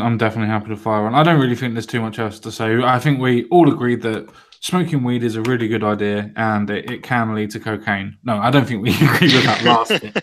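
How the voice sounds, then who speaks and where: A man hosting a loose podcast conversation, swearing freely and leaning hard on his punchlines. His voice sits at an ordinary middle pitch and he talks like a casual, jokey host. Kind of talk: casual chat.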